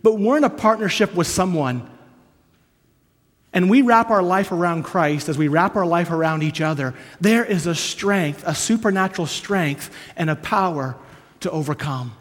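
A man from Canada preaching a sermon, earnest and storytelling, moving between hushed and emphatic. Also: high voice, moderate pace. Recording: long hall reverb.

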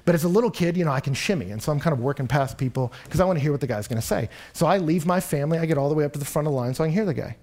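Young male preacher from Texas, husky tone, lively storyteller. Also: a little high, rapid-fire, few pauses. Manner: animated storytelling, rising and louder in anecdotes. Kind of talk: sermon.

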